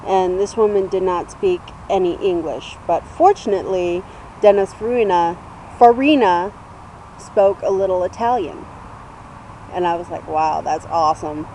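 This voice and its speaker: A young woman in her twenties talks slowly and loosely to her camera, her voice soft and mellow. She wanders through a story with plenty of fillers, earnest and unpolished, over a faint hum of background noise. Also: mid-range voice, rough recording. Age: 20s. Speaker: vlogger. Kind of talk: casual tribute vlog.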